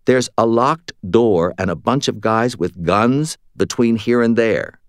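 A man voicing a jumpy, nervous geeky man in an audiobook, with a high, squeaky voice. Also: lively intonation, a little slow, smooth, dry recording, studio quality.

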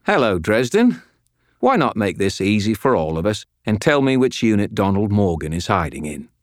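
A man's voice: on the low side, sing-song, moderate pace, no room sound, clean studio sound, pitched above the performer's own voice. A man voicing a cheerful, menacing middle-aged man with a Cockney accent, clipped and taunting. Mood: smug.

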